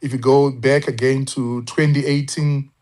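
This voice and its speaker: Guy on a panel call, mid-pitched voice, lots of uh and restarts, thinks as he talks. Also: little pitch movement, measured pace, darkish tone. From Zimbabwe. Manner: thoughtful, hesitant, many fillers and restarts. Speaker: panel guest. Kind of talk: casual online panel discussion.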